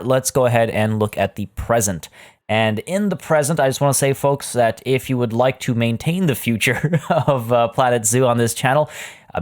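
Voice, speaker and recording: A man talking casually as a gaming YouTuber over a let's play, chatty and rambling with many fillers. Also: medium pitch.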